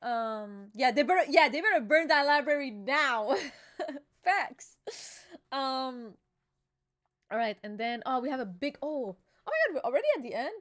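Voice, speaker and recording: A young woman hosting a casual live reaction chat, talking excitedly and emotionally with slang and lots of fillers. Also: high voice, a little slow. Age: young adult. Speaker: channel host reacting to a manga chapter.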